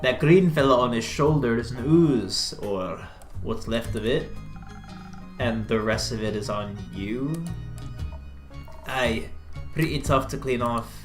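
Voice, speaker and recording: A streamer voicing a gruff, grumpy male dwarf warrior with a half-tried Scottish lilt, reading game dialogue aloud. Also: medium pitch, takes it slowly, pauses often, soft background music, close to an everyday voice. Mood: dry. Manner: scornful, attempted Scottish. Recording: roomy echo.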